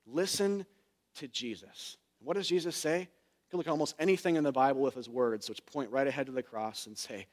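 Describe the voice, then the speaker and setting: A man preaching a sermon in a church, earnest and conversational, swinging from emphatic peaks to soft, quiet phrases. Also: medium pitch, brisk. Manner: speaks fillers and restarts, conversational preaching. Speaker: pastor.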